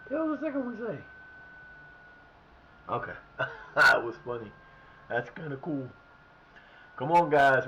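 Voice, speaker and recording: A man's voice: mid-range voice, wildly swooping pitch, unhurried, long pauses, lo-fi sound, noisy background. A man streaming a football management game, talking at his players, often frustrated and swearing. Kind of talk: live gameplay commentary.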